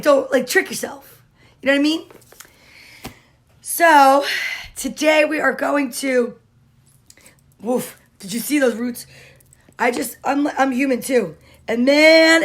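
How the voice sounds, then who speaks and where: A woman hosting a casual livestream, greeting viewers by name and chatting in a cheerful, drawn-out way. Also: high-pitched, a bit bright. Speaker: livestream host.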